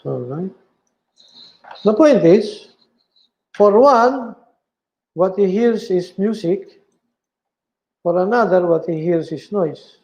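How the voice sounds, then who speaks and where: A man giving an online philosophy lecture, speaking deliberately, repeating key terms and checking in with "all right?". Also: high-pitched, lively intonation, darkish tone, highs cut off. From Philippines.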